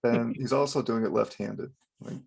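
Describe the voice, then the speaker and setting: Gravelly-voiced man reviewing comics. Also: mid-range voice, fairly even intonation, moderate pace, a little mellow. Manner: wry, laughing commentary. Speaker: channel host. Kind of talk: casual comic book review chat.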